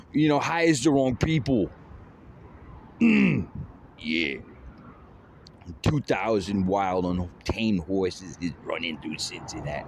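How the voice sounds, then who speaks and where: A man's voice: fairly low pitch, slight background noise. A man rambling in a casual monologue, drawling with lots of fillers like "you know" and "man".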